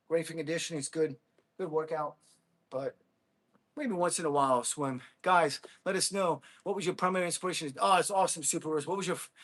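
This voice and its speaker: A high-voiced man livestreams while training, exerting himself hitting a ball and whooping energetically as he talks to chat between hits. Toward trolls he is blunt and combative.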